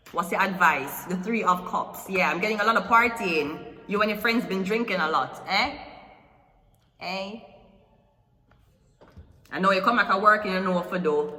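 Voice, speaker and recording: A woman's voice: lowish voice, sharp tone. A woman giving a casual tarot reading, talking bluntly and teasing the viewer as she goes through the cards. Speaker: tarot reader. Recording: echoey room with long reverb, faint music.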